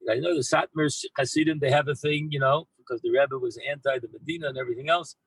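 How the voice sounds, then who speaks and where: A man who heads a yeshiva, telling an anecdote in an animated way to his former students, mixing in Hebrew and Yiddish words and often repeating himself as he goes. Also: mid-range voice, fast talker, husky, no echo, rough recording. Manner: frequent repeats and restarts. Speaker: rabbi and yeshiva head. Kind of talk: storytelling talk to former students.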